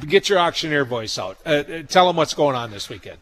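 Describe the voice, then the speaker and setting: A man's voice: on the high side, lively intonation, a little fast, a bit bright. A man hosting a live radio interview, teasing his guests and laughing often. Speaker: radio host.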